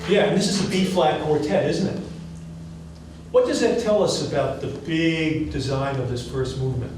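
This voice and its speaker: A male professor leads a classroom lecture, quizzing his students with an animated, encouraging manner. His voice sits a little high and reaches the mic from across the room. The recording is very echoey, with faint hiss underneath. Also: normal speed, distant mic. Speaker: music professor.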